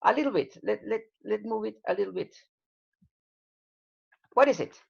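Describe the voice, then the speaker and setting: A woman's voice: mid-range voice, expressive, moderate pace, creaky, a little mellow, husky, lo-fi sound. A woman teaching an English class over a video call, explaining patiently with plenty of fillers.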